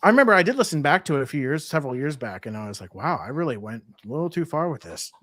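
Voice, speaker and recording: A man's voice: fairly high pitch, big pitch swings, racing, fairly bright tone, no room sound, clean studio sound. A man co-hosting a podcast in casual, candid chat, swearing freely. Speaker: podcast co-host.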